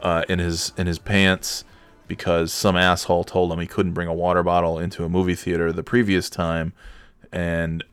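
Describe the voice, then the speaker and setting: A man's voice: low voice, clear, resonant tone, no room sound. A man hosting a solo podcast, rambling in a loose, profane, digressive way. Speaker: podcast host.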